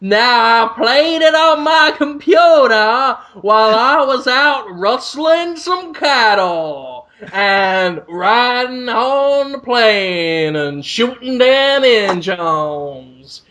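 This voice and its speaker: A man's voice: very high-pitched, animated, very slow, pushed and bright, voice pushed up, exaggerated voice. A British man putting on a mock American accent, playing a boastful dim cowboy in a hammy, drawling way. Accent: put-on American over British.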